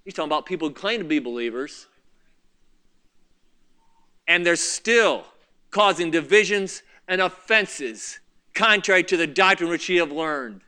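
A man preaching a sermon as pastor, impassioned, swinging between loud outbursts and quiet asides. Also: a little high, lively intonation, unhurried, pauses often, clean tone.

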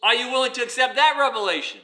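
A man preaching with a very high, piercingly bright voice. He swings from ringing emphasis down to near-whispered asides as he addresses the congregation. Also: expressive, fast. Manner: preaching with swings from loud to hushed. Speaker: pastor. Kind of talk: sermon.

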